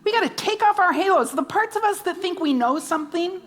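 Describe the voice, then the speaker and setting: A woman's voice: very high-pitched, animated, fairly quick. A woman minister preaching a sermon, emphatic, repeating key words and asking rhetorical questions.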